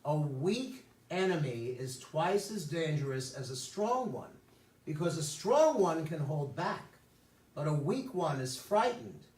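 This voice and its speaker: Male rabbi teaching a Bible class, joking storyteller; slightly high voice, roomy and distant mic. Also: sing-song, measured pace, darkish tone. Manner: wisecracking storyteller, chatty asides. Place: temple room.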